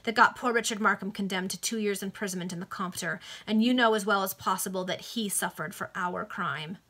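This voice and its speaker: A woman reading the part of a loud, indignant male engraver who accuses two gentlemen. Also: medium pitch, fairly quick.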